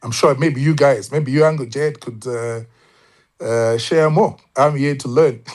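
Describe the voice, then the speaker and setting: Guy on a panel call, mid-pitched voice, lots of uh and restarts, thinks as he talks. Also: a little slow, darkish tone. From Zimbabwe. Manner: thoughtful, hesitant, many fillers and restarts. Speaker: panel guest. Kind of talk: casual online panel discussion.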